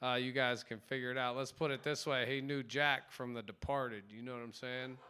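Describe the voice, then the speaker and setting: A man's voice: medium pitch, steady tone, moderate pace, bright, forceful tone, clean tone. A man hosting a comedy night, rambling loosely and calling himself stoned. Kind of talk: casual emcee banter. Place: small comedy club with live audience.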